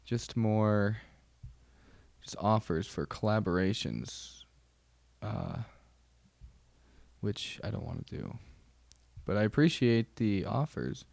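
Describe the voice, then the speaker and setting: A man's voice: fairly low pitch, sing-song, takes it slowly, gravelly, pauses often, darkish tone, no echo. A young man hosting a podcast, telling wry stories in a rambling, casual way with lots of fillers. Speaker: podcast host. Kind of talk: casual solo chat.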